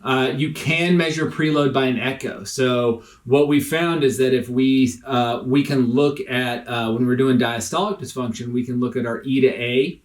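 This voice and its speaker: A man's voice: medium pitch, moderate pace, hardly any pauses. A man explaining critical care medicine in a recorded lecture over slides, casual and explanatory, with frequent fillers.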